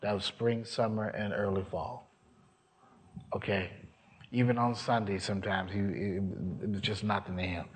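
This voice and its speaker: This preacher's voice sits on the low side, level in tone and at normal speed. His sermon testimony is a story from his own life, complete with acted-out voices and moments that rise to shouts.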